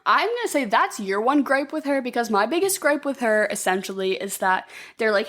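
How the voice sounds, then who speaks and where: A fairly high-voiced woman tells a film's story in a loose, rambling run of talk. She swears often and jumps into quick put-on voices for the characters as she goes. It sounds like a casual podcast chat between friends. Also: lively intonation, fairly bright tone. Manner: rambling, profane, acts out quotes in put-on voices. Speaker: podcast co-host. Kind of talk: casual movie recap chat.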